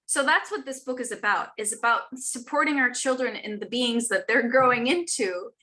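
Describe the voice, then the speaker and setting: A woman's voice: fairly high pitch, normal speed, bright, forceful tone. A woman in her thirties or forties, an author chatting earnestly on a live stream, with many fillers and restarts. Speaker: author guest. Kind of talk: casual live chat.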